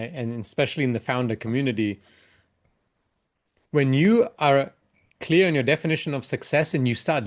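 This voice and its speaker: A man, a startup investor, giving a reflective keynote talk and closing with a short parable. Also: mid-range voice. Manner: earnest, closes with a short parable.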